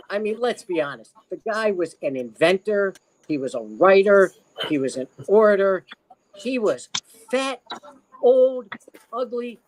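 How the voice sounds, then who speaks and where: The audio is poor with slight background noise, but the high voice of a middle-aged Marylander comes through. As a podcast guest, he tells stories in a loose, casual way, rambling with many fillers and restarts.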